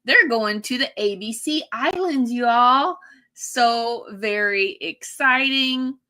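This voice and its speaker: A woman's voice: on the high side, slow, sharp tone. A woman hosting a casual livestream, chatting bubbly with viewers and reading their comments. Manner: bubbly, chatty, laughs often. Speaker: livestream host.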